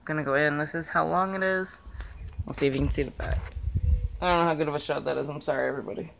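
A woman chatting casually in a vlog, rambling along with lots of filler pauses, filming herself on a phone outdoors. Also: deep voice, steady tone, gravelly, fairly bright tone, slight background noise. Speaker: vlogger. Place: outdoors in the sun.

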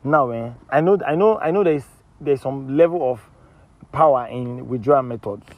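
A man with a Nigerian Pidgin accent hosting a comic street skit, loud and theatrical, teasing and repeating himself. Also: medium pitch, expressive, normal speed, narrow, tinny audio. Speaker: street interviewer.

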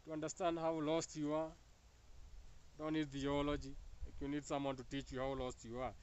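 A man's voice: on the high side, flat delivery, moderate pace, a little mellow, smooth, low-quality recording. A man with a Kenyan accent giving a casual spiritual monologue, joking and laughing often between teasing and preachy asides. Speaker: spiritual talk host.

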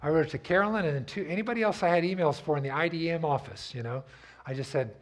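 Conversational preacher, a man with a higher voice. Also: fast talker. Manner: conversational storytelling, asks congregation to repeat. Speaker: pastor. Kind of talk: sermon. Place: church sanctuary.

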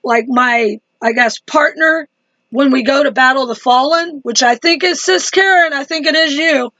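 A woman's voice: high voice, moderate pace, sharp tone, dry recording, dull audio. A woman chatting to her viewers in a casual religious video diary, laughing easily. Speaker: Christian vlogger.

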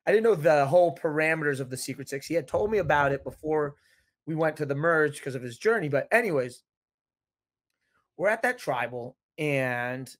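A young man chatting casually as a podcast guest, telling lively stories and acting out quotes from others. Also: fairly high pitch. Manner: animated storyteller, quotes others in lively voices. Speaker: podcast guest, reality show contestant. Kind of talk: casual chat.

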